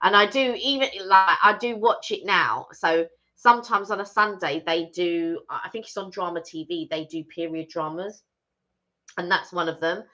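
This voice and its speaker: A woman chats away as co-host of a live stream. She rambles, restarts and fills with ums, in a bright, forceful, slightly low voice. The audio is dull and lo-fi. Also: normal speed. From Britain. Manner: chatty, rambling, lots of restarts and fillers. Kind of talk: casual chat.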